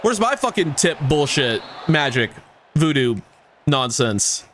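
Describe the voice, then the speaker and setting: A man's voice: fairly high pitch, big pitch swings, slow pace, fairly bright tone, a little hiss or hum. A man giving casual gameplay commentary, swearing and ranting at the game with exasperation. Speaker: gaming YouTuber.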